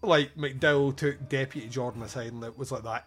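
A man's voice: medium pitch, steady tone, a little fast, a bit bright, husky, faint music behind. A man hosting a podcast, reviewing a film in casual comic chat, laughing often and swearing as he acts out scenes.

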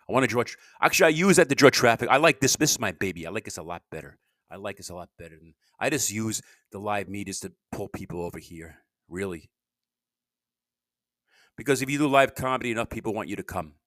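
A man's voice: on the low side, a bit bright, no room sound, clean studio sound. A middle-aged man giving a rambling, confessional podcast monologue. He stammers, repeats his words and speaks bluntly. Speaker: podcast host and comedian.

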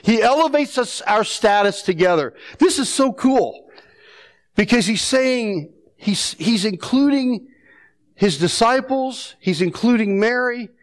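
A male pastor delivering a sermon, his voice sitting notably high for a man. He talks conversationally, with restarts and rhetorical questions to the congregation. When he quotes people, he acts them out with animated energy. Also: unhurried.

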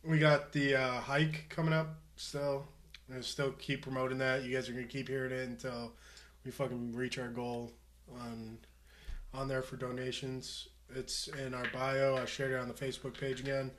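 A man's voice: medium pitch, flat delivery, normal speed, fairly bright tone. A man co-hosting a podcast, telling a crude story in casual chat, swearing freely and laughing as he goes. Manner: profane, laughing anecdote teller. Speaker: podcast co-host.

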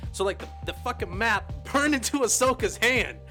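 Excitable high-voiced young man. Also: moderate pace, faint music behind. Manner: excited, animated retelling with sound effects and swearing. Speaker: podcast co-host. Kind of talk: casual chat.

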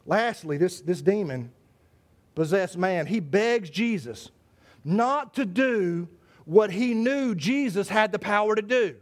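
A male pastor delivers an impassioned sermon in a strikingly high voice. He repeats words and starts phrases over as he presses each point on his congregation. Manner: impassioned preaching with repetitions and restarts.

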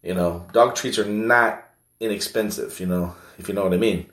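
Low-voiced guy rambling on his show, swears a lot, sounds echoey and kinda far off. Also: moderate pace, fairly bright tone. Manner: rambling, heavy swearing, filler-laden. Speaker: show host. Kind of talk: casual comedic monologue. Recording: roomy echo, distant mic.

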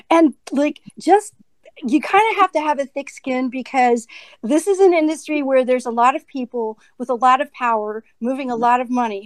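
High-voiced, chatty actress guest. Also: female voice, no echo, rough recording. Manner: animated, chatty, lots of "like". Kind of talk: casual podcast interview.

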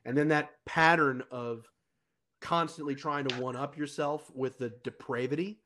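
A man's voice: on the high side, fairly even intonation, normal speed, pushed and bright, a little hiss or hum. A young man co-hosting a casual podcast, rambling with restarts and laughing often. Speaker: podcast co-host. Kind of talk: casual chat.

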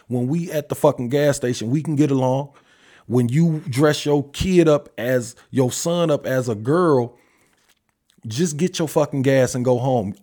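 An adult man who is a father hosts a podcast, speaking alone in a mid-range voice with a dark tone. His solo opinion monologue is a blunt rant, heavily profane and packed with rhetorical questions.

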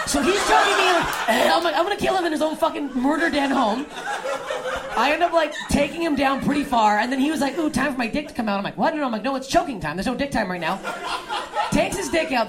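A young woman doing stand-up comedy, telling crude stories and throwing quick asides to the audience. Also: high voice, noisy background. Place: comedy club stage before a laughing crowd. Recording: live club with audience laughter.

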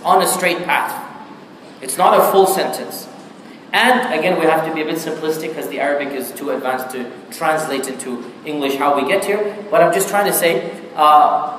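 A man's voice: fairly high pitch, fairly bright tone, slight background noise. A man teaching Quran commentary as a lecture. He speaks emphatically and keeps checking understanding with rhetorical questions. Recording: very echoey hall with long reverb and faint ambience.

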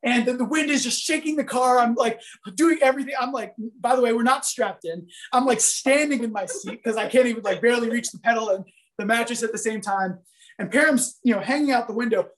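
A man giving a sermon, telling a story in an animated, conversational way full of fillers. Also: very high voice, fairly quick. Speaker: preacher.

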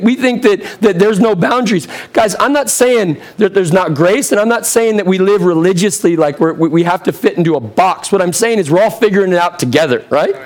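A man in his thirties delivers a sermon with a slightly high voice, talking plainly and putting questions to the congregation. His voice is starting to go a little hoarse. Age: 30s. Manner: direct, conversational preaching with rhetorical questions. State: getting hoarse. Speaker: pastor.

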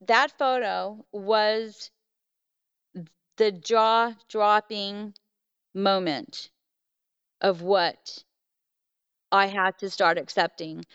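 A woman's voice: mid-range voice, a bit bright, clean tone, dry recording, lo-fi sound. A middle-aged woman, a podcast guest, telling a story in a rambling way full of fillers and restarts. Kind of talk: casual storytelling.

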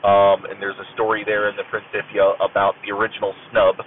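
A man's voice: lowish voice, monotone, a little fast, a little hiss or hum. Rambling man, tinny phone-like audio. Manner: rambling, lots of fillers, casual swearing. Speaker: veteran recalling military service. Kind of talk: casual storytelling monologue. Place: in a car while driving.

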